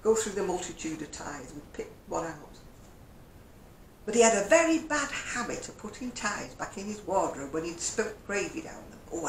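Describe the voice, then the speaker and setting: A woman's voice: on the low side, sing-song, moderate pace. Chatty older woman. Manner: chatty storytelling, chuckles often. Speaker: crochet vlogger. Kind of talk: casual chat. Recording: echoey room with faint hum.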